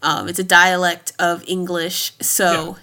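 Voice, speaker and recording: Woman, 30s, bright voice, easygoing podcast guest, laughs a lot. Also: on the low side, flat delivery, takes it slowly. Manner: chatty, laughs often between thoughts. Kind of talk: casual chat.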